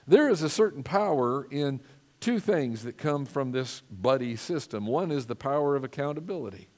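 A man's voice: medium pitch, lively intonation, moderate pace, darkish tone. A man pastor preaching a sermon in an earnest, emphatic way, asking the congregation for responses. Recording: long reverb of a church hall.

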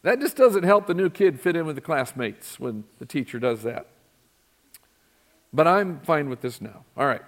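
A man's voice: a little high, lively intonation, moderate pace. Conversational man preaching a sermon. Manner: conversational, asks the congregation questions. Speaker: pastor. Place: church sanctuary.

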